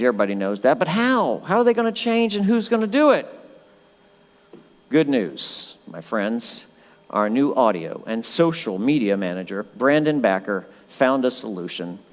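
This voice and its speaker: A man preaching a sermon as pastor, emphatic and conversational with a joking streak. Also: fairly low pitch. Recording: long hall reverb.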